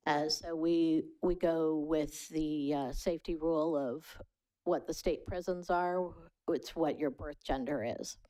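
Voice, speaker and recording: A woman representing a program, answering a commissioner's question at a public meeting in a firm, deliberate way. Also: low voice, fairly even intonation, mellow, low-quality recording.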